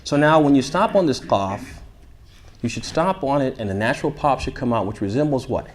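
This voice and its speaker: A man leading a tajweed class, explaining rules, asking his students questions and reciting Arabic phrases slowly for them to repeat. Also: mid-range voice, lively intonation. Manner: asks the class questions then answers them. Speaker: shaykh teaching tajweed. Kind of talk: interactive classroom lesson.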